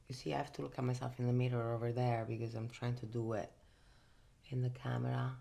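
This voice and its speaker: A woman's voice: a bass voice, vocal fry, mellow. A woman from Italy with an Italian accent, chatting casually in a makeup vlog from her bedroom, emphatic and full of fillers. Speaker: host.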